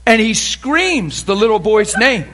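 A man preaching a storytelling sermon from the pulpit. His voice sits high and bright. He talks with animated swings, dropping low and hushed, then rising into laughter and shouts. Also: unhurried. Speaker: pastor. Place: church sanctuary pulpit.

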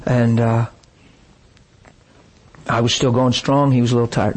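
A man's voice: mid-range voice, little pitch movement, a little slow, pauses often, a loud crowd, very noisy. A middle-aged man preaching a sermon, telling stories in an emotional, emphatic way.

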